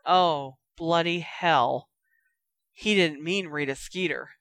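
Brief: woman playing a blunt teen girl with a growl, lowish, dry close mic. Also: takes it slowly, a bit bright, no room sound, full character voice.

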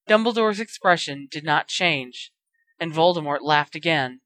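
A woman reads a story aloud in a steady, even narrating voice. Her pitch sits a little low, and the recording is dry and close. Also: measured pace, no room sound. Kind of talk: reading fan fiction aloud.

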